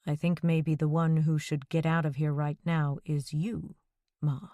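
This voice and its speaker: Woman narrating as a steady, plain-spoken widower, low-pitched, calm and terse, firm under pressure, in a dry close recording. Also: unhurried, no room sound. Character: quiet, steady widowed man, stubborn when pushed.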